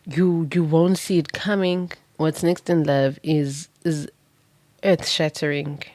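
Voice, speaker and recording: Low-voiced woman reading tarot dramatically. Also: steady tone, takes it slowly, a little mellow, dry recording. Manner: dramatic, vivid storytelling with casual swearing. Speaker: tarot card reader. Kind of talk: pick-a-card tarot reading.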